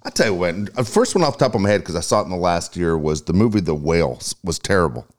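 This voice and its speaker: A man co-hosting a podcast, chatting casually and telling animated stories with frequent laughter. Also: deep voice, fast. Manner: animated storyteller, laughs often. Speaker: podcast co-host. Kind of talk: casual chat.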